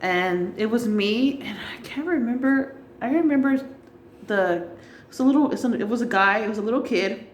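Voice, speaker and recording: A young woman telling stories in a relaxed way during a casual chat with her friend, chiming in with short agreements. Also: a little high, moderate pace. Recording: echoey room with faint background noise.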